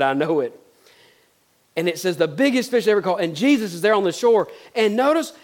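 High-voiced preacher telling a story. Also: male voice. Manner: storytelling, dramatic shifts from loud to hushed. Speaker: pastor. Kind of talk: sermon.

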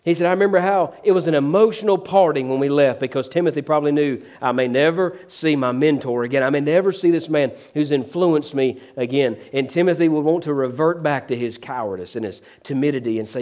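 Fairly high-voiced man preaching a sermon. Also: brisk, few pauses. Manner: preacherly, calls out "amen?" to the congregation; voices quoted figures with shifts in pace and loudness. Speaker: pastor.

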